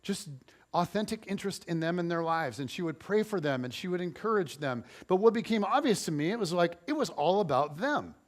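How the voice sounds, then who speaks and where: High-voiced man preaching a chatty sermon. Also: fairly quick. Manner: chatty and self-deprecating, lots of "like" and restarts; playful humor, animated storytelling. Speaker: pastor. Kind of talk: conversational sermon with personal stories.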